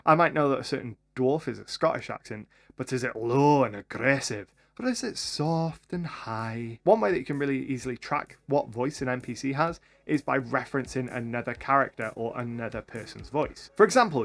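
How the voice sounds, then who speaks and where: A man hosting a tutorial for game masters, talking to camera with upbeat, lively energy. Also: mid-range voice. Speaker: YouTube host and game master.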